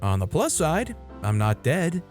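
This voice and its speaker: A man's voice: on the high side, wildly swooping pitch, measured pace, darkish tone, soft background music. A man casually narrating online stories and adding chatty asides of his own. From United States. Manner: conversational, chatty asides between read passages.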